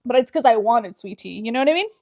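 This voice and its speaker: A woman's voice: on the high side, expressive, fast, gravelly, darkish tone, no room sound, studio quality. A woman from the Southern United States co-hosting a podcast, chatty and profane, rambling with frequent laughs. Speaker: podcast co-host. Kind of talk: casual podcast chat.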